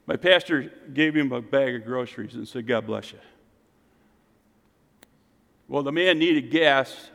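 Animated preacher in a reverberant hall. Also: male voice, mid-range voice, normal speed, creaky, hardly any pauses. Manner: animated, swings from loud to hushed. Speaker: pastor. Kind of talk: sermon storytelling.

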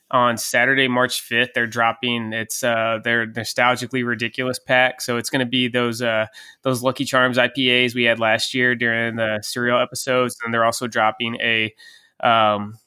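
A man's voice: medium pitch, flat delivery, normal speed, bright, forceful tone, clear, resonant tone. A man co-hosting a wrestling podcast, chatting casually and steering the conversation. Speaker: podcast co-host. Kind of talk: casual chat.

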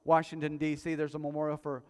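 A male pastor preaching a sermon to his congregation, telling stories with quiet asides that build to loud, emphatic peaks. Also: on the high side, completely flat delivery, fast talker, clear, resonant tone. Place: church hall before a congregation. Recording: long hall reverb.

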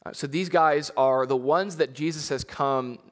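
Pastor guy preaching, kinda high voice, chatty, lots of "like", long reverb in the hall. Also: measured pace. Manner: conversational, repeats words, rises to emphatic peaks. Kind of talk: sermon.

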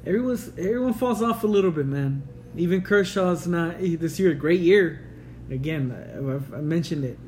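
A man's voice: on the high side, animated, normal speed, a little mellow, a little hiss or hum, poor audio. Laid-back swearing sports-chat guy. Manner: laid-back, swears often, says "man" and "dude" a lot. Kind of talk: casual sports banter.

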